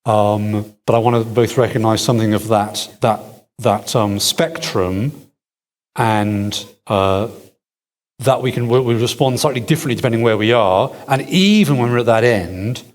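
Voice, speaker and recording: A man answering audience questions at a church event, thinking aloud with restarts and wry asides. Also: on the low side. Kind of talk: conference Q&A answers. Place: large hall with audience. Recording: echoey hall.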